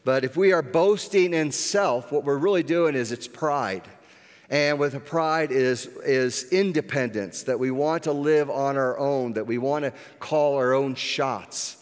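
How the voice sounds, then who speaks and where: A man preaching a sermon as pastor, earnest, slowing down on key points, with occasional restarts. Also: medium pitch. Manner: earnest, with restarts and slowed emphasis. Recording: echoey hall with long reverb.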